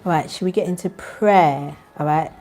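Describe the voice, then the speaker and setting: A woman with a notably deep, low voice hosts her own spiritual channel. She talks softly and keeps her volume down on purpose, moving between chatty, animated stories and a calm spoken prayer. A faint hiss of noise sits under her voice. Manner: deliberately soft, low-volume talk; chatty and animated, with bursts of laughter. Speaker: spiritual channel host and tarot reader. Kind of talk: casual chat to viewers, then a spoken prayer.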